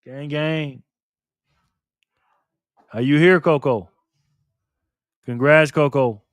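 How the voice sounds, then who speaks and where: A man's voice: on the high side, steady tone, drawn-out words, pauses often, no room sound, studio quality. A man hosting a casual live stream, chatting loosely with viewers by name and repeating himself.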